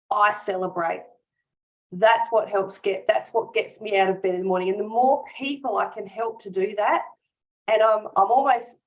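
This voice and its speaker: A woman's voice: mid-range voice, low-quality recording. A woman business coach in a casual interview, talking earnestly and from the heart, with frequent small laughs and restarts.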